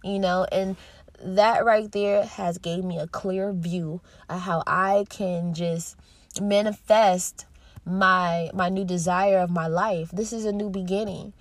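A woman in her thirties hosting a podcast, talking alone in an earnest, heartfelt way with pauses and restarts. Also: fairly low pitch, steady tone, no room sound. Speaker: podcast host. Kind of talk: reflective solo monologue.

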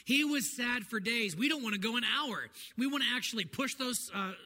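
A man's voice: very high-pitched, animated, a little fast, pushed and bright. A man, a pastor, preaching a sermon to his congregation in an earnest, conversational way. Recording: long hall reverb, faint noise.

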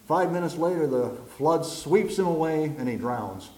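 A man's voice: a little high, expressive, moderate pace, few pauses, dark tone. Folksy preacher man in an echoey room. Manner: folksy storyteller, acts out voices in jokes. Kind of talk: sermon with jokes and stories.

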